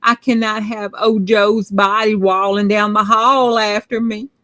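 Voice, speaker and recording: A woman voicing a frantic widow who pleads loudly in a high, shrill voice. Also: level tone, unhurried, no echo, studio quality. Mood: panicked. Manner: pleading, high-pitched, loud.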